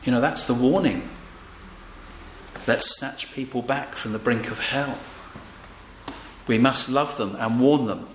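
Speaking unhurriedly and pausing often, this older male preacher delivers his sermon casually, dropping fillers and regularly inviting the audience to answer back. His voice sits in the mid-range, and the recording carries room echo and faint background noise.

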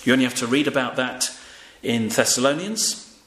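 A man's voice: medium pitch, normal speed, fairly bright tone. Older man preaching in an echoey church. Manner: conversational, with fillers and audience prompts. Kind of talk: sermon. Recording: echoey room with faint ambient noise.

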